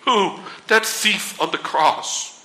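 A man preaching a sermon in an earnest, pleading way, asking the listener direct questions and slowing to a solemn pace for scripture. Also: high-pitched, pushed and bright, reverberant, rough recording.

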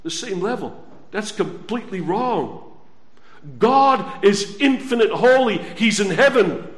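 Male preacher, high voice, slow deliberate delivery, emphatic swells and hushed drops, reverberant room. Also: expressive. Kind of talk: sermon. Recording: echoey room.

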